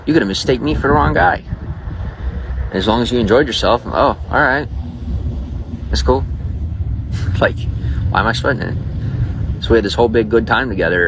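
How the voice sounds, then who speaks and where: Guy livestreaming off his phone outside, loose slangy chat, lowish voice, street noise going. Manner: slangy, loose, talks straight to viewers. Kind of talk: casual live-stream chat.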